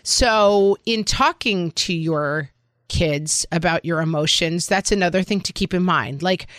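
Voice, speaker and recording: A woman's voice: fairly low pitch, measured pace, a bit bright, no room sound, clean studio sound. A middle-aged woman co-hosting a parenting podcast, chatting casually and frankly, joking and thinking aloud. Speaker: podcast co-host.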